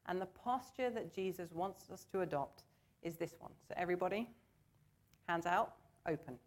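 A woman preaches a sermon in church in a slightly low voice at a moderate pace. She sounds earnest and conversational, drawing the congregation in as she speaks.

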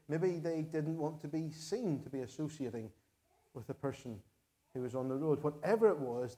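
A man with a Northern Irish accent preaching a sermon to his parish, earnest and measured, repeating key phrases for emphasis. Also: medium pitch, dark tone. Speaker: pastor.

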